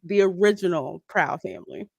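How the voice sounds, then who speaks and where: A woman's voice: fairly low pitch, moderate pace, creaky, dry recording. A woman hosting a film watch party, chatting casually and reading viewer comments aloud.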